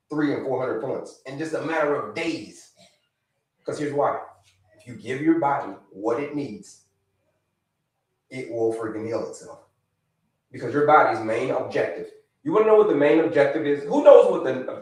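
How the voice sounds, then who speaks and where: A man hosting a live health stream, talking with viewers in an energetic, repetitive way and giving them shout-outs. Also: mid-range voice, recorded from a distance. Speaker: livestream host, health coach. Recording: echoey room, away from the mic.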